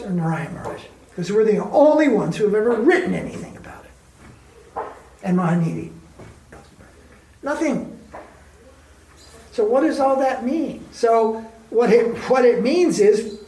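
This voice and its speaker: A man being interviewed as a spiritual teacher, telling stories in a candid, colloquial way and firing off emphatic rhetorical questions. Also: high voice. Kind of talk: candid conversational storytelling. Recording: roomy echo.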